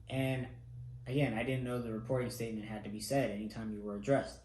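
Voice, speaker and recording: Chill young guy telling stories, cusses a lot, mid-pitched, echoey room. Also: flat delivery, fast, a little mellow, a little hiss or hum. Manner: laid-back, swears freely, self-mocking. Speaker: vlogger. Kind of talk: casual storytelling. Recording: roomy echo.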